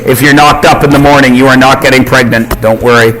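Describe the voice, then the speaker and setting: A man's voice: medium pitch, fairly even intonation, fast talker, a bit bright, a little hiss or hum, low-quality recording. A man teaching a math class, quizzing students and cracking jokes. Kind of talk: classroom lesson.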